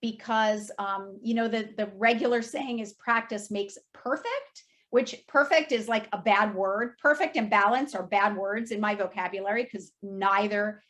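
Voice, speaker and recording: A woman's voice: mid-range voice, normal speed, few pauses, a bit bright. A woman in her fifties telling a personal story at a talk, candid and emotional, with many casual fillers. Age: 50s. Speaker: speaker at an industry talk.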